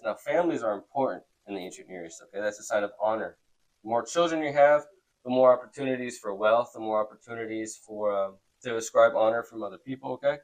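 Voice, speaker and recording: A man's voice: medium pitch, a little fast, rough recording. Casual man teaching a youth class. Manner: conversational, checks in with "okay?" often.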